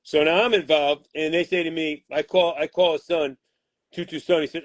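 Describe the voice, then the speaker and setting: A boxing manager with a slightly high, slightly fast voice angrily recounts a soured deal in an interview, cursing freely and acting out the quoted exchanges. There's no room sound.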